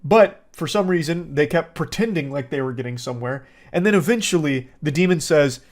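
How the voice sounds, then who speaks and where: A man's voice: on the high side, expressive, fairly quick, few pauses. A man, an online movie reviewer, ranting in a sarcastic, exasperated and profane style. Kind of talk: casual ranting commentary.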